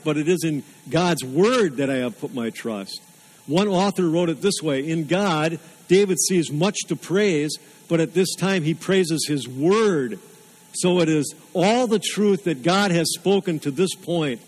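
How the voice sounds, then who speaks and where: A man's voice: on the high side, measured pace, a little mellow, rough recording. A man preaching a sermon, earnest and emphatic, repeating phrases for weight. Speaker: pastor.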